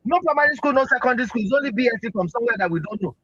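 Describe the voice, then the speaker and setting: A Nigerian man pours out heated political talk in a very high, sharp voice with a husky edge. He drives each point home with rhetorical questions. The sound is dull and lo-fi, as from an online audio stream. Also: animated, very fast, no room sound. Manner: impassioned, rhetorical, keeps asking "Eh?". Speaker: speaker in an online audio room.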